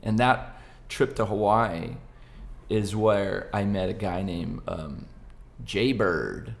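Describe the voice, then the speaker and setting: A man's voice: lowish voice, takes it slowly, vocal fry. A man in his forties from Southern California, a guest musician and comedian, chatting playfully and rambling through his stories. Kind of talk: casual interview chat.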